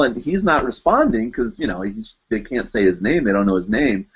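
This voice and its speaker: On a live chat show, a male host with a lowish, slightly rough voice tells a long story at a brisk clip, his pitch swinging widely. His casual, rambling delivery is packed with "you know" and "like." The livestream audio is dull and lo-fi.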